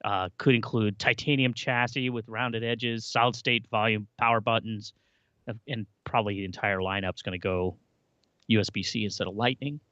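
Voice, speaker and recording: A man's voice: fairly low pitch, fairly even intonation, moderate pace, fairly bright tone, no echo, lo-fi sound. A man co-hosting a podcast, chatting casually and reading out rumors with lots of fillers. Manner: easygoing, reads out rumor roundups with many fillers. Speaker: podcast co-host. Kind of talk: casual chat.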